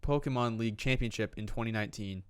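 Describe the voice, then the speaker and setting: A young man co-hosting a podcast in casual chat, teasing his friend with deadpan jokes and frequent laughs. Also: lowish voice, fast talker, smooth. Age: young adult. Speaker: podcast co-host.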